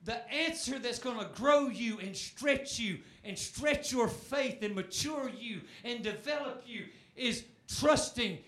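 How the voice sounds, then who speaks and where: Man preaching a shouted sermon. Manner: swings from shouted calls for praise to low, quick teaching asides.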